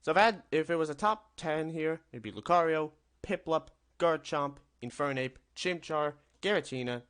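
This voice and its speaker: A man's voice: medium pitch, a bit bright. A young man giving casual, rambling commentary as a gaming video host, upbeat and often correcting himself. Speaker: gaming YouTuber. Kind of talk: casual tier-list commentary.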